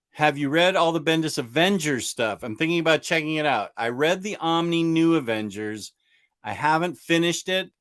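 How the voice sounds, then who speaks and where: Male comic book host, slightly high voice, eager and rambling, casual live chat. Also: fairly bright tone. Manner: enthusiastic, rambling, reading out viewer comments.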